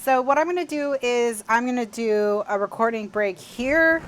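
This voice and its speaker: A woman's voice: on the high side, normal speed, clear, resonant tone. A woman hosting a casual crafting livestream from home, chatty and apologetic, laughing often.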